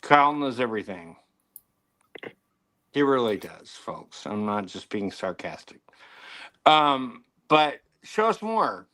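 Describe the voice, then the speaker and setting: A man's voice: medium pitch, very animated, takes it slowly, pauses often, sharp tone. Chatty man quizzing his co-hosts. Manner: enthusiastic, quizzes co-hosts with questions. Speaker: co-host. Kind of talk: casual chat.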